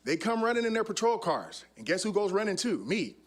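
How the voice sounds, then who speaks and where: A man's voice: sits high, sing-song, brisk. Demonstrative man telling street stories. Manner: demonstrative, acts out scenes. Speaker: former undercover police officer, conference speaker. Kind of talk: animated storytelling talk. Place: conference stage.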